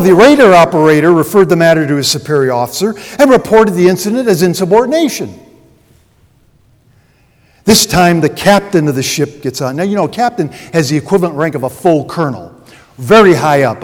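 A man's voice: high-pitched, big pitch swings, normal speed. A man preaching a sermon as pastor, telling a story and acting out its dialogue. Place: church. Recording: long reverb of a large hall.

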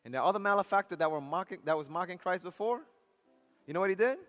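A man preaching a sermon with passion, swinging from loud cries down to hushed near-whispers. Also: high voice, expressive, quick pace, big-room sound, soft background music.

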